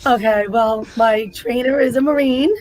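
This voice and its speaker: A woman from the New York area, a guest on a podcast, talking in a blunt, profane and forceful way. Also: on the high side, a little slow, rough recording. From United States. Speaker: guest, political ranter. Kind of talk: casual podcast chat.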